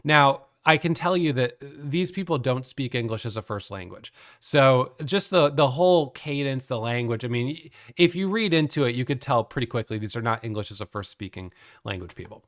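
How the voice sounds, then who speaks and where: A middle-aged man explaining a trading topic in a casual, animated way, laughing often as he tells the story. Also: mid-range voice, normal speed. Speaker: day trading educator.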